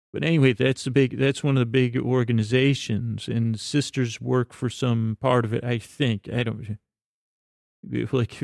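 A man telling a meandering, improvised bedtime story to a pen pal, halting often and filling gaps with fillers and restarts. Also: medium pitch, gravelly, a little mellow, no room sound, studio quality.

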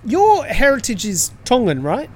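A man's voice: very high voice, huge pitch swings, unhurried, a little hiss or hum. A man hosting a quiz segment in casual, chatty conversation with theatre guests. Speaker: radio quiz host. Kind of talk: casual chat.

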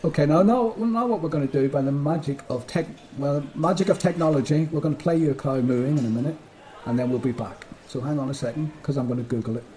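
A man's voice: on the high side, quick pace, warm tone, a little hiss or hum. A man co-hosting a podcast in casual chat, talking in a chatty way and laughing easily. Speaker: podcast co-host.

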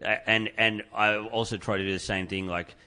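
A man's voice: on the low side, fairly even intonation, sharp tone, smooth. A man, talking hesitantly in casual chat with many fillers. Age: 30s. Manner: hesitant, halting, full of fillers. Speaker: comedian podcast host.

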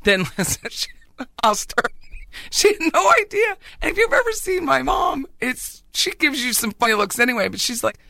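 A woman co-hosting a podcast, telling stories in a lively way and often laughing. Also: on the high side, normal speed, gravelly, no echo. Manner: animated storyteller, laughs often. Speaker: podcast co-host, realtor. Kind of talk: casual chat.

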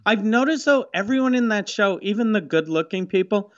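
A man's voice: sits high, lively intonation, a little fast, fairly bright tone. A man co-hosting a casual podcast, telling stories in a profane, mocking way. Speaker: podcast co-host. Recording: muffled lo-fi audio.

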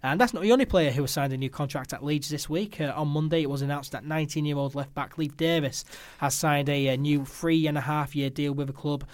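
A man's voice: on the high side, steady tone, fairly quick, hardly any pauses. A man hosting a casual football podcast, upbeat and chatty, with many "uh" fillers and repeated words. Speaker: podcast host.

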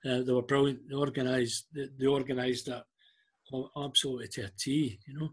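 A middle-aged Scottish man tells a long anecdote in a relaxed, chatty way, acting out the other people's lines as he goes. His voice is exceptionally smooth and clear at an ordinary male pitch. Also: a little fast. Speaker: guest. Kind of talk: casual storytelling.

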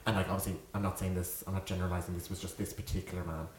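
A young man in his twenties, a podcast co-host, telling an animated story in casual chat, often laughing and acting out quotes. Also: sits low, racing. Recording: echoey room with faint noise.

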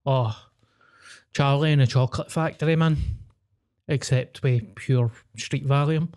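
Young Glaswegian guy, mellow warm tone, rambling podcast storyteller. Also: mid-range voice, a little slow. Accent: Glaswegian Scottish. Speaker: podcast co-host. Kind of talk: casual chat.

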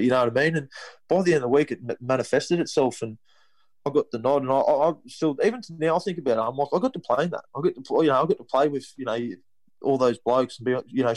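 Fast-talking Australian man, rambling. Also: mid-range voice, darkish tone, dry recording, poor audio. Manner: rambling with many restarts and "you know". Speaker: guest, rugby league player. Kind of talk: casual storytelling interview.

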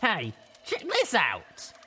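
A man's voice: high voice, wildly swooping pitch, slow, sharp tone, faint music behind, voice pushed up, full character voice. A man voicing a brash, foul-mouthed teenage female griffin, talking bluntly and crudely in a storybook reading.

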